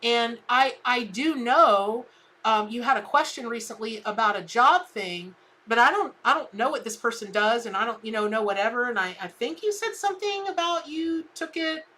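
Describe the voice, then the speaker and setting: A woman's voice: on the high side, lively intonation, normal speed, sharp tone. A woman hosting a live tarot stream, chatty and rambling as she calls viewers by name.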